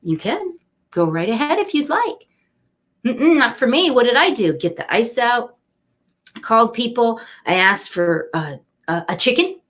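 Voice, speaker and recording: A woman's voice: fairly high pitch, big pitch swings, a little slow, fairly bright tone. A middle-aged woman giving an inspirational card reading on a webcam live stream, chatty and upbeat, speaking straight to her viewers. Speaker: angel card reader.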